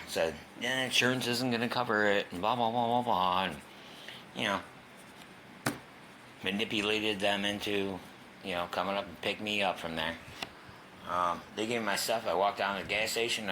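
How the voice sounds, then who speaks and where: A man's voice: low voice, sharp tone, a little hiss or hum. A man candidly telling his own story in a casual, profane way, sometimes dropping to a whisper. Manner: casual, profane, drops to a whisper at tense moments. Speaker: guest sharing his recovery story.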